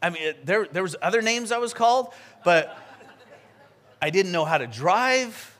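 A man, a pastor, preaching a sermon and telling a personal story in a lively, chatty way. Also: high voice. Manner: animated storytelling with quick asides.

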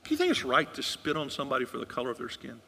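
A man's voice: medium pitch, huge pitch swings, racing, vocal fry, pushed and bright, slightly rough, big-room sound. A male pastor preaching a sermon, telling a story in an earnest way and asking the congregation questions.

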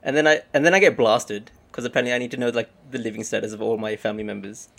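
A man's voice: mid-range voice, fairly even intonation, very fast, gravelly, a bit bright. A man, co-hosting a casual podcast and steering the talk. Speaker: podcast co-host. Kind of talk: casual chat.

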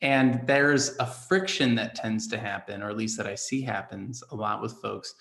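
A man hosting an interview in a relaxed, chatty way, with fillers. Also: lowish voice, moderate pace, creaky. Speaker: podcast host. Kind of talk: conversational interview. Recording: echoey room sound.

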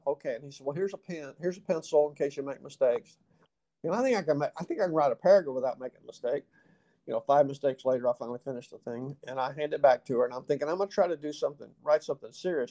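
A middle-aged man with a Southern accent, telling a personal story as an interview guest in a folksy way and acting out the dialogue. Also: on the high side. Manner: folksy, animated, acts out quoted dialogue.

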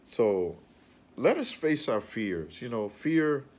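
A man's voice: medium pitch, sing-song, slow pace, a little mellow. A man giving an earnest, rambling motivational talk about facing fear, often repeating his phrases.

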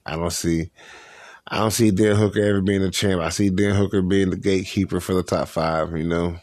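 Young male podcast host, low voice, slangy and repetitive, dry close mic. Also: fairly even intonation, brisk, a little mellow, no room sound. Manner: loose, slangy, repeats himself. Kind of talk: casual solo podcast chat about fights.

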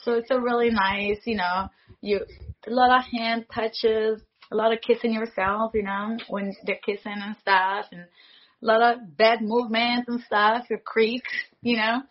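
A woman in her forties, a foley artist, telling stories in an animated way and acting out the dialogue she quotes. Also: fairly high pitch, a little slow, highs cut off. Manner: animated, acts out quoted dialogue, laughs often. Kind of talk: casual interview storytelling.

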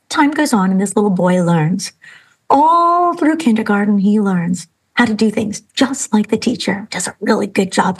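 A woman hosting a podcast, telling a story and speaking earnestly and emphatically, slowing down for emphasis. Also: medium pitch, a little mellow, slightly rough, rough recording. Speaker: podcast host. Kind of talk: storytelling and inspirational talk.

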